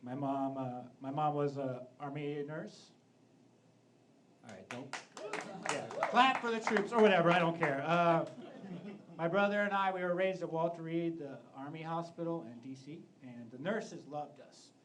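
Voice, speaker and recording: A man in his thirties doing a deadpan stand-up comedy set on a club stage. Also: a little high, normal speed. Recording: noisy live club recording.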